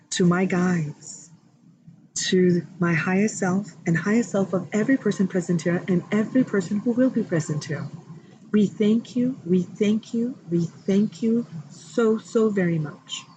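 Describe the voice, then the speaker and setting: Slow reverent woman leading a blessing. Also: fairly low pitch, lo-fi sound, background noise. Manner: slow, reverent, repetitive invocations. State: emotional, voice rising with tears. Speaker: spiritual healer leading a group blessing. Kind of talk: guided meditation and prayer.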